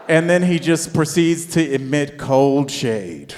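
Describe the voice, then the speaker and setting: A man in his forties doing a stand-up set, telling a rambling family story with restarts and climbing into loud, high rants. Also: animated, slow, few pauses, background noise. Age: 40s. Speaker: stand-up comedian. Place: comedy club stage. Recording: long hall reverb.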